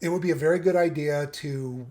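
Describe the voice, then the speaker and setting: A man's voice: a little high, a little fast, dry recording. Man giving a dry, close tutorial. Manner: explanatory, steady, with occasional fillers. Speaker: presenter. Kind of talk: software tutorial walkthrough.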